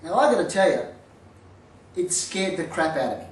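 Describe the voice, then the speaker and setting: A man telling a comic story of his boxing days, lively and self-mocking, with punchline timing. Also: high-pitched, moderate pace. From Australia. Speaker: storyteller, former boxer. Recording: roomy hall, from far off.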